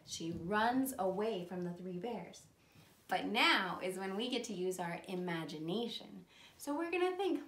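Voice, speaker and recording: A woman teacher telling a story to young children, animated, with gasps and dramatic whispers. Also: medium pitch, unhurried. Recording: roomy echo.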